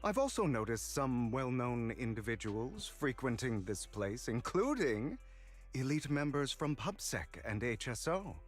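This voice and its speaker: A man's voice: mid-range voice, sing-song, unhurried, soft background music. An actor playing a refined, courteous male collector in a video game, speaking in a silky, polite manner. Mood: suave. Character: suave refined male collector, smooth flatterer. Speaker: game character.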